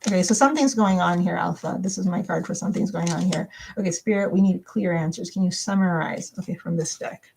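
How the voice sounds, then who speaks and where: A woman's voice: lowish voice, fast talker, creaky, hardly any pauses, darkish tone, slightly rough. A woman doing a live tarot reading, talking in a rambling, hesitant way full of fillers and restarts. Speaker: tarot reader.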